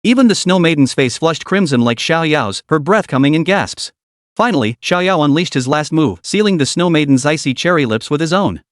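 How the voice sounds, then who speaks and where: A man narrating a comic story recap in a quick, dramatic storytelling manner. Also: on the high side, animated, no echo, clean studio sound.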